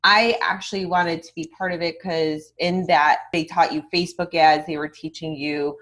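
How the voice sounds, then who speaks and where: Swearing without fuss, a woman guest who mentors in online marketing chats casually on a podcast in a fairly low voice. She's animated and candid, briefly re-enacting past conversations, then moving right along.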